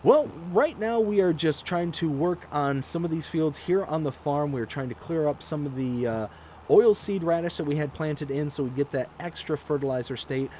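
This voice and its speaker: A man's voice: a little high, normal speed, mellow, a little hiss or hum. A man hosting a farming game livestream, reading viewer comments aloud in a chatty manner and laughing often. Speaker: livestream host.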